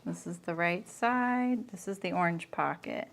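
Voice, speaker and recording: A woman with a fairly low, slightly slow voice and some vocal fry hosts a sewing livestream. She chats casually and thinks aloud as she works, laughing frequently.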